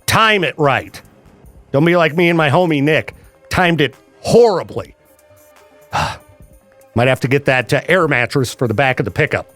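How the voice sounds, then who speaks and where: Lively, animated radio host man. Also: fairly high pitch, a little slow, pauses often, faint music behind. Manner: lively, animated, laughs often. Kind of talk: casual radio banter. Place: radio studio.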